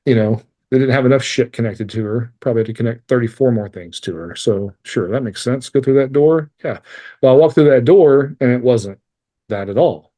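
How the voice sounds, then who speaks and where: A man's voice: medium pitch, brisk, dark tone. A man, a podcast guest, telling a painful personal story with candid swearing and wry laughs. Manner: candid and emotional, swears freely; laughs through hard memories.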